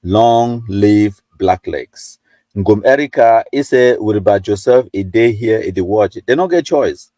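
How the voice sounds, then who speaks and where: A man's voice: lowish voice, expressive, measured pace, dark tone, no room sound. Cameroonian guy on a livestream going through comments, pidgin and english mixed, dry close sound. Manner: mixes Pidgin and English, reads viewer comments, chuckles. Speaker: live-stream host.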